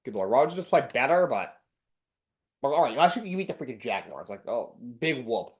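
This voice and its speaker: A man's voice: medium pitch, very animated, fairly quick. A man hosting a sports talk show alone, blunt and ranting, often repeating himself. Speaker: sports podcast host. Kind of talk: opinionated solo sports talk.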